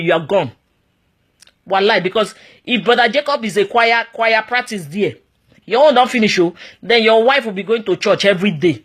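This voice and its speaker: A woman with a Nigerian accent giving marriage advice in an animated monologue, emphatic and repetitive, full of exclamations and pidgin phrases. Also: mid-range voice.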